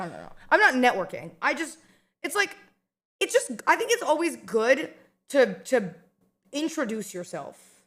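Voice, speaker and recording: A woman's voice: a little high, fairly bright tone. A woman streamer in casual chat, rambling and chatty with lots of fillers and restarts.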